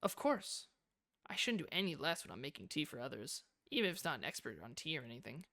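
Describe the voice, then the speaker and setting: A man voicing a shy, bookish teenage girl with a soft, hesitant manner, reading her lines from a game. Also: a little high, sing-song, fast, gravelly, no echo, clean studio sound, pitched below the performer's own voice, exaggerated voice. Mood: polite.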